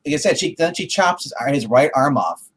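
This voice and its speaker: A man's voice: fairly high pitch, lively intonation, fairly quick, slightly rough, poor audio. Rambling man retelling a comic. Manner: rambling retelling with restarts and fillers. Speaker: comic review co-host. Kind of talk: casual chat.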